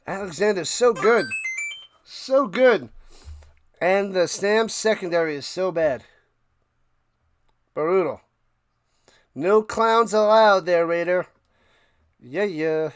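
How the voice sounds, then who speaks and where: A man with a high voice hosts a live stream, calling a football game in an easygoing, unhurried way and chatting with viewers between plays. He gets loud and excited on big gains. He keeps coughing and clearing his throat, and his voice is close and dry, with no room sound around it. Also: dry recording. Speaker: live stream host doing play-by-play. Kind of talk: casual live play-by-play and chat.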